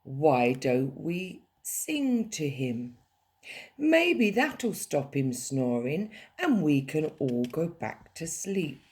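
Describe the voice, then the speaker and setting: A woman's voice: sits low, very animated, very slow, darkish tone, slightly rough, heavily acted. A woman voicing a tired, fretful farm cat in a children's storybook. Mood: hopeful. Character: fussy farm cat, worried and sleepy.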